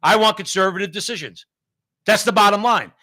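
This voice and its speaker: A man hosting a political talk show, fiery and combative, firing off rhetorical questions and rising to shouts. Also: sits high, fairly quick.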